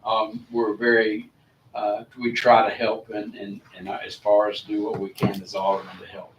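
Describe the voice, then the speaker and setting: A man's voice: on the low side, completely flat delivery, moderate pace, dull audio. Rambling man chairing a meeting. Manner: rambling, apologetic, friendly. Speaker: committee chair. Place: council meeting room. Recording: echoey room, distant mic, faint hiss.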